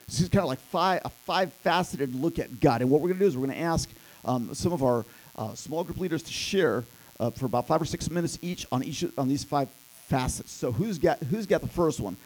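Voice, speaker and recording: A man leading a church teaching session, reading scripture deliberately and calling on group leaders, with some fillers. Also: on the high side, a little mellow, rough recording. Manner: deliberate, reads scripture slowly, fillers when organizing. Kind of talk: sermon-style teaching.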